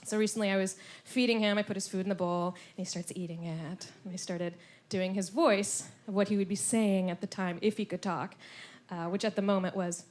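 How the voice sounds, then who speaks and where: A woman performing a stand-up comedy set on stage, animated, slipping into silly voices. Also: mid-range voice, a little fast. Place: comedy club stage before a laughing audience.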